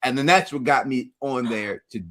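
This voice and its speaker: A man's voice: medium pitch, animated, moderate pace, a bit bright. A man hosting a review show who tells personal stories in casual chat, often repeating words as he gets going. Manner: storytelling, repeats words while talking. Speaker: host.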